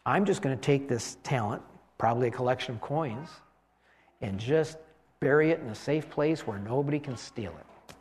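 A man's voice: medium pitch, moderate pace, a little mellow, voice pushed down, lightly acted. A man voicing a fearful servant who buries his money and avoids work, spoken in first person within a sermon. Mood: scared. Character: fearful lazy male servant, plays it safe.

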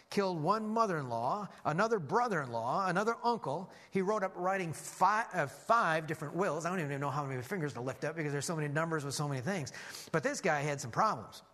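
A man preaching a sermon as a lively story, animated, with frequent restarts. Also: fairly high pitch.

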